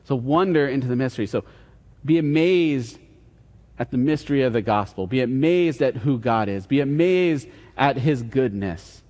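A man's voice: medium pitch, animated, moderate pace, a little mellow. Man preaching in a reverberant hall. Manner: conversational, retells scenes in quoted dialogue. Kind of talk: casual sermon with Bible storytelling. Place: church hall. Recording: long reverb in a large hall.

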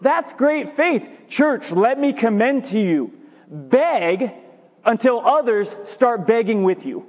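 A man preaching a sermon as pastor, animated and jokey, repeating his points for emphasis. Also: sits high, slow pace. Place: church sanctuary. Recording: reverberant church hall.

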